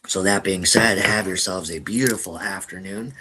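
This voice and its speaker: A man's voice: deep voice, moderate pace, sharp tone, a little hiss or hum, rough recording. A man hosting a casual live stream, rambling to viewers and often tagging his sentences with "all right?". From American Midwest. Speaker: channel host.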